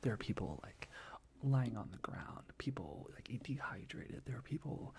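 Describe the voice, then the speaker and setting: A young man talking in a soft, rambling ASMR whisper, full of restarts, as he shares life updates. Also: medium pitch, sing-song, normal speed, breathy edge. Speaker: ASMR creator.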